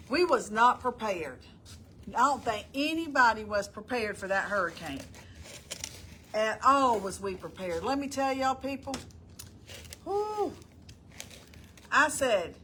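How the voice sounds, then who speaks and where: A middle-aged woman, hosting a casual live stream. Her voice sits a little higher than most and runs on in a chatty, folksy ramble as she calls out viewers by name. Faint background hiss sits under her voice. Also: sharp tone.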